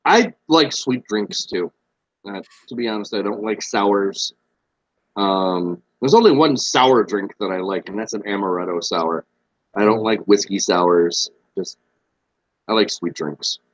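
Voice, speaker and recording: A man's voice: on the low side, measured pace, dry recording, highs cut off. A young man co-hosting a podcast, laid-back and blunt, swearing freely in casual chat. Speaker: podcast co-host.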